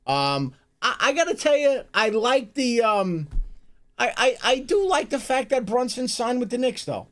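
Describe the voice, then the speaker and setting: A man co-hosting a live stream, talking sports in a casual, animated way, swearing and stumbling over restarts. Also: extremely high pitch, measured pace. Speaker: streamer co-host.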